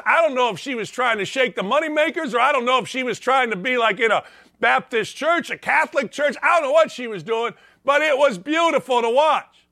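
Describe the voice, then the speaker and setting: High, bright-voiced blustery man. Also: lively intonation, moderate pace, dry recording, clean studio sound. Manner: blustery, ranting, folksy exclamations. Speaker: sports talk show host. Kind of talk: opinionated monologue.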